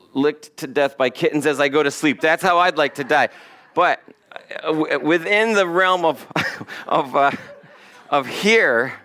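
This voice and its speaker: Male pastor mid-sermon, relaxed and conversational with light jokes, average pitch. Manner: conversational and joking, reading scripture aloud.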